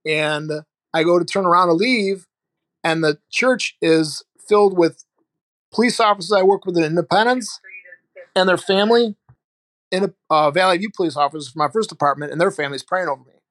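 Speaking a little fast in a high voice, with no echo, a middle-aged Ohio man from the United States recounts his story in a casual storytelling interview. He's frank, vivid and animated, and swears freely.

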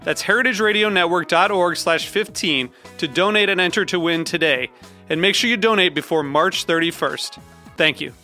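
A man's voice: high voice, normal speed, pushed and bright, faint music behind. A man reading a scripted fundraising appeal for a radio network in an earnest, read-aloud way.

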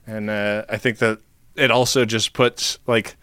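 A man's voice: fairly low pitch, little pitch movement, unhurried, fairly bright tone, smooth, no room sound. A man co-hosting a podcast in casual chat, chatty and laughing, with fillers as he talks. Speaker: podcast co-host.

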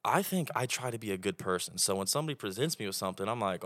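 A man's voice: lowish voice, rapid-fire, no echo, clean studio sound. A young man from Oklahoma with an Oklahoma accent, a podcast guest chatting casually and telling stories with plenty of swearing. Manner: swearing, animated storytelling. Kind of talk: casual chat.

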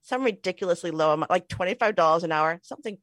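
A woman in her forties co-hosting a podcast, with a fairly low voice. She tells her story in a chatty, self-deprecating way and laughs easily. The sound is dry and close, with no room around it. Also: quick pace, fairly bright tone, no echo. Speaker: podcast co-host. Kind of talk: casual storytelling chat. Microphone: remote call mic.

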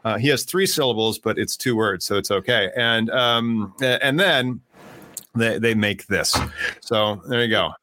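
A man's voice: fairly low pitch, measured pace, pushed and bright, no room sound. A man co-hosting a casual podcast, rambling with lots of fillers and restarts, recorded remotely. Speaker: podcast co-host. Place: home, remote via streaming service.

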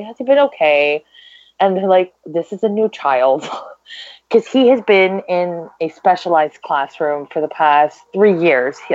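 A woman's voice: lowish voice, a little mellow, dry recording. A young mother answering interview questions in a chatty way, with many "like"s and fillers. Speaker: guest, mother. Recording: dry, dull lo-fi audio.

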